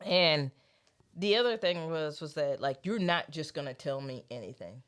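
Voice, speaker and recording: A woman's voice: sits low, animated, moderate pace. A woman hosting a podcast, telling a church story in casual chat, swearing freely and laughing often. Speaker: podcast host.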